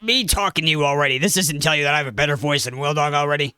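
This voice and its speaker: A man's voice: fairly high pitch, rapid-fire, bright, forceful tone, clean tone, no echo, clean studio sound. A man playing a brash, boastful bulldog persona who talks pushily and swears casually in an improvised comedy sketch.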